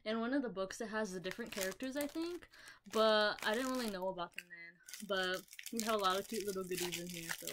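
A woman's voice: mid-range voice, a little fast, background noise. A young woman chatting in a casual haul video, rambling with lots of fillers and the odd swear word, recorded on a laptop mic at home. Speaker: vlogger.

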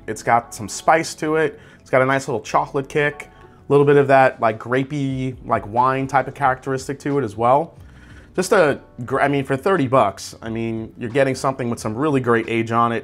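Man, whiskey reviewer, casual tasting talk, relaxed, conversational, medium pitch, soft music underneath. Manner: conversational, relaxed, savoring tasting notes aloud. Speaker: whiskey reviewer, channel host.

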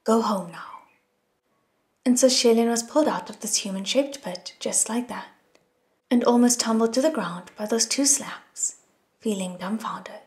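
A woman narrating an audiobook in an expressive, soft reading style. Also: fairly high pitch, moderate pace. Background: soft music.

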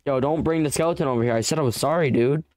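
A man's voice: fairly high pitch, rapid-fire, darkish tone, slight background noise. Frantic pleading young man gaming. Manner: frantic, pleading and bargaining with in-game mobs. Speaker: gamer. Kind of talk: let's play commentary.

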